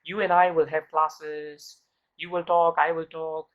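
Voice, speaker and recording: A man's voice: fairly high pitch, little pitch movement, unhurried, narrow, tinny audio. Man teaching scripture, rhetorical questions. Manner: asks rhetorical questions and repeats key words for emphasis; storytelling with uneven pace and trailing phrase ends. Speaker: devotional class teacher. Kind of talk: scripture class talk.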